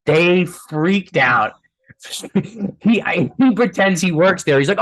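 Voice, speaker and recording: A filmmaker guest telling stories in a casual, rambling way, with many fillers and restarts and frequent laughs. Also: male voice, sits high, animated, slow, long pauses, fairly bright tone.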